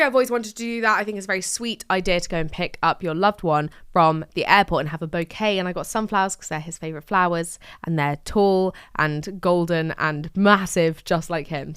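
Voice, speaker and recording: English woman ranting on her podcast, lowish smooth voice, dry close sound. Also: a bit bright, no echo. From England. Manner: chatty, swearing, self-mocking rants. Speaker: podcast host. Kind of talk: solo diary podcast.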